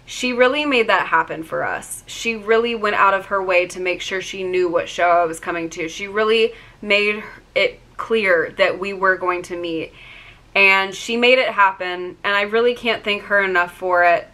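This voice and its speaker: A woman's voice: mid-range voice, moderate pace, pushed and bright. A young woman telling a story to her camera, gushing and rambling with lots of fillers and restarts. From Virginia. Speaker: vlogger.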